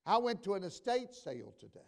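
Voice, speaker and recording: Gravelly high-voiced male preacher. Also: very animated, fairly quick. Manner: folksy storytelling that builds to loud exhortation. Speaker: bishop and pastor. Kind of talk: storytelling sermon. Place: church sanctuary.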